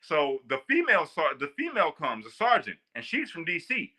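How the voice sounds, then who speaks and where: A man from Northwest Indiana casually telling a story in an animated, slangy way. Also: fairly high pitch, a little fast, breathy edge. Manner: animated, slangy, laughs often. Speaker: guest storyteller.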